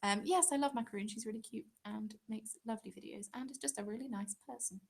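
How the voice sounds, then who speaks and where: A young woman chats loosely through viewer questions, often pausing on "um" and drifting into asides. Her voice sits a touch high. It often frays into a creaky, gravelly fry. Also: a little mellow. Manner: chatty, many ums and trailing asides. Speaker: craft channel host. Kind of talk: casual live-stream chat answering questions.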